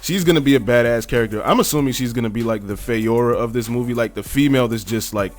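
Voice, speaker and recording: A man's voice: medium pitch, fast. A man hosting a video, giving casual, joking commentary and laughing often. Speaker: video host.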